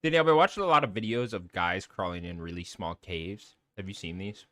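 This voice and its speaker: A man's voice: low-pitched, a little fast, dry recording, clean studio sound. A man co-hosting a podcast, chatting casually and telling stories with lots of laughter and swearing. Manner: animated, laughing, swearing storyteller. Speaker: podcast co-host. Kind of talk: casual chat.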